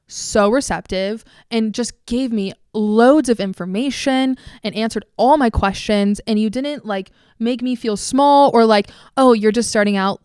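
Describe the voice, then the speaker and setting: A woman's voice: fairly high pitch, clean tone, no echo, clean studio sound. A young woman in her twenties hosting a podcast, gushing and emotional in casual chat, swearing freely. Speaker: podcast host.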